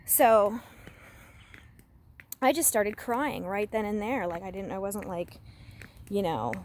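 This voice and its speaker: A woman vlogging casually while walking outdoors in the woods. She talks in an expressive, engaging way, with lots of fillers. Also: medium pitch, takes it slowly. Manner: expressive, animated delivery with many fillers. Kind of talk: casual walk-and-talk vlog.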